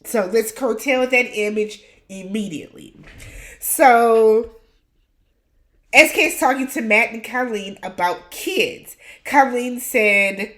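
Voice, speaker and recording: Woman host, higher-pitched, casual reality-show recap, opinionated and blunt with slang. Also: slow, fairly bright tone.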